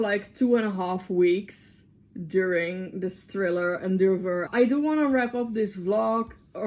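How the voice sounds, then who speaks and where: A woman book vlogger talking casually to her camera, excitable and swearing freely between fillers. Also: medium pitch. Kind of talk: casual chatty vlog to camera. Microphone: camera mic.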